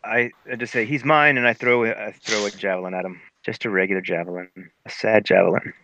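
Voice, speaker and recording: A man's voice: lowish voice, flat delivery, fast talker, gravelly, fairly bright tone, a little hiss or hum, poor audio. A man playing a tabletop game, playful and given to dramatic declarations of his character's actions. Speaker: player.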